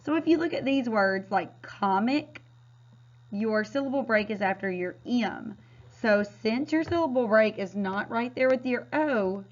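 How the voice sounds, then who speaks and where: A woman teacher giving a recorded phonics lesson, modeling words clearly and patiently. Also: on the high side, animated, moderate pace. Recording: dull, lo-fi sound.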